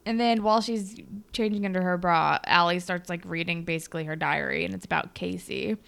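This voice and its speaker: A young woman co-hosting a podcast, recapping an episode in animated casual chat and acting out characters' lines. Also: fairly low pitch, gravelly. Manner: animated, acts out characters' lines in quick voices. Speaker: podcast co-host.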